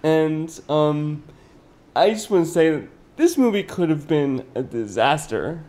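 Man, slightly higher voice, animated, chatty, casual film podcast talk. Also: measured pace. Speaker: podcast co-host. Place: indoor podcast recording.

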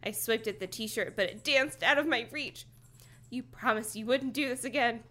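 A woman's voice: on the high side, moderate pace, a bit bright. A woman co-hosting a podcast, reading a children's horror book aloud in a playful, mock-dramatic way.

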